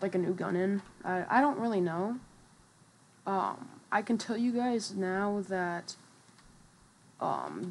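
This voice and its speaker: A woman's voice: mid-range voice, a little mellow, a little hiss or hum. A woman giving casual gameplay commentary as a streamer, chatty and trash-talking, with lots of fillers. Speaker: gaming streamer.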